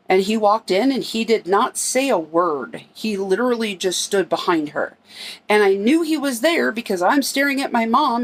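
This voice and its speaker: Middle-aged woman telling a family story. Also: medium pitch. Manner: conversational, acts out quoted dialogue in her telling. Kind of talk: casual personal storytelling.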